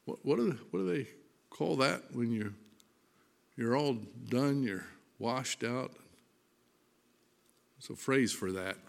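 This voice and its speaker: A man preaching a sermon, reading scripture aloud with deliberate emphasis, swelling loud on verses and dropping soft and low. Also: vocal fry. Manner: slow, deliberate delivery, rising loud on verses and dropping to near-whisper.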